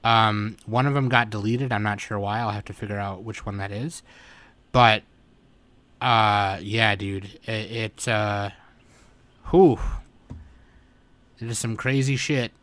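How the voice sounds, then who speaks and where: A man's voice: fairly low pitch, steady tone, slow pace, long pauses, a bit bright, no room sound. A man hosting a casual anime podcast, laid-back and tired, with lots of fillers and swearing. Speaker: podcast host. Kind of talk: casual chat.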